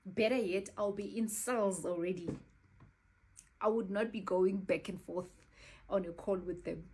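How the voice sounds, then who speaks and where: A South African woman telling a scam story in a casual, animated, exasperated way, acting out both sides of the call. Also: medium pitch, unhurried, husky. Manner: animated, exasperated retelling with quoted dialogue.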